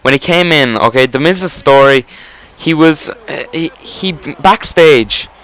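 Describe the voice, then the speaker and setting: A man's voice: a little high, lively intonation, takes it slowly, fairly bright tone, low-quality recording. A man giving casual gameplay commentary, rambling enthusiastically with frequent restarts and casual swearing.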